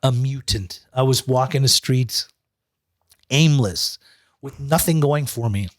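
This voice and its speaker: A recovery coach telling his story as a guest, in a profane, animated, streetwise way. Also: medium pitch, slow. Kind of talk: casual storytelling.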